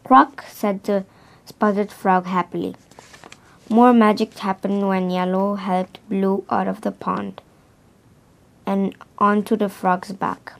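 A woman reading a children's storybook aloud, slowly and carefully, stumbling over and restarting some words. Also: medium pitch, little pitch movement, creaky. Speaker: reader.

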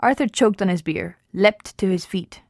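A woman reading a novel aloud at an even pace, with small slips and restarts. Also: mid-range voice, moderate pace, gravelly, no echo, studio quality. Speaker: reader.

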